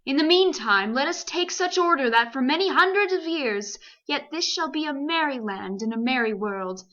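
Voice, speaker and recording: A woman voicing a great, wise male lion who speaks slowly and gravely, read aloud as a storybook. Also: high-pitched, animated, bright, forceful tone, lo-fi sound. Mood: solemn.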